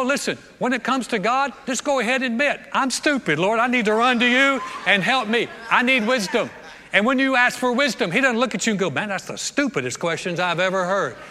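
A man preaching a sermon as a pastor, animated, repeating words and acting out prayers. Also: sits high, big-room sound.

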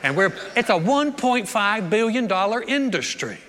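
A man, preaching a sermon, animated and joking, acting out the voices of the people in his stories. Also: sits high, moderate pace. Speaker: pastor. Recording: long reverb of a large hall.

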